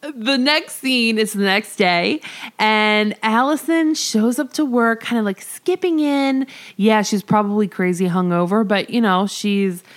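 A woman in her thirties co-hosting a casual chat, giggly and animated as she recaps a TV episode. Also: medium pitch, a little slow. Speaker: podcast co-host.

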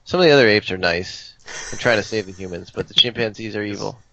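A man's voice: fairly low pitch, fast talker, creaky, a bit bright, muffled recording, slight background noise. A man joking and teasing in a casual podcast chat.

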